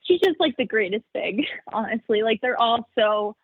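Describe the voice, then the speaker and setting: A woman's voice: on the high side, lively intonation, moderate pace, breathy edge, dry recording. A young woman giving casual interview answers about her animal sanctuary, chatty, full of "like" fillers and frequent laughs. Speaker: sanctuary founder, interview guest. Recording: dry, phone-like narrow sound.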